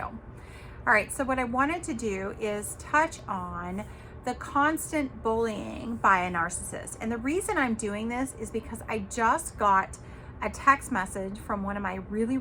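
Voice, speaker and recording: A woman's voice: fairly high pitch, unhurried, pushed and bright, slight background noise. A woman hosting her own podcast, talking casually and emphatically to viewers, giving tough-love advice with the odd cuss word. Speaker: podcast host.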